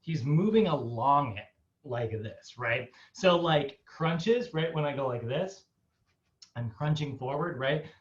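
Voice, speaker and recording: A man teaching a fitness class online, casual and upbeat, sprinkling his talk with fillers and quick laughs. His voice comes through a dull, lo-fi video call line. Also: fairly high pitch, lively intonation. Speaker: fitness instructor.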